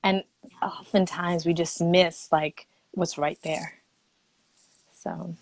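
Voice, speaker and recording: A woman guest on a live chat, telling a story with animated acted-out quotes and easy laughter. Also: lowish voice, slow pace, creaky. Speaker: guest expert. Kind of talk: casual livestream chat.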